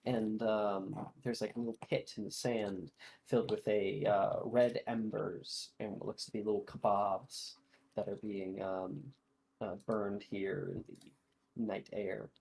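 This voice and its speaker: A game master narrating a tabletop role-playing game, halting and filled with ums, uhs and likes. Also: sits low, level tone, creaky, a little mellow, low-quality recording.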